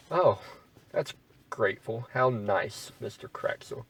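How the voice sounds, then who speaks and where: Here a man plays through an AI text adventure, reading the passages out slowly and tossing in bemused, wry remarks between them. His voice is medium in pitch and slightly rough. The low-quality recording comes from a distant mic.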